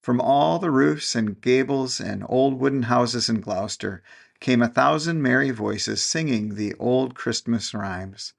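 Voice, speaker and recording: A man reading a classic storybook aloud in a gentle, measured narration. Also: medium pitch, vocal fry.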